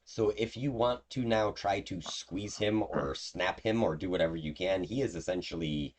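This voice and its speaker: A man's voice: low voice, normal speed, a little mellow, slight background noise. A man narrating as the game master of a tabletop game, in a loose, chatty way with fillers.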